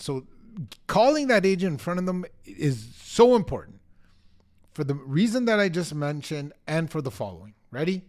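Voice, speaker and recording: A man's voice: a little high, big pitch swings, moderate pace, a little mellow. A middle-aged man coaching real estate agents, talking to the camera in a punchy, emphatic way and acting out short bits of dialogue. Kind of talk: energetic coaching talk to the camera.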